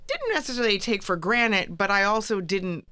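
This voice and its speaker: A woman's voice: mid-range voice, big pitch swings, normal speed, sharp tone, clean tone, no room sound. A middle-aged American woman telling stories as a guest in a casual chat, acting out the people she quotes. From United States. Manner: storytelling, acts out quoted voices.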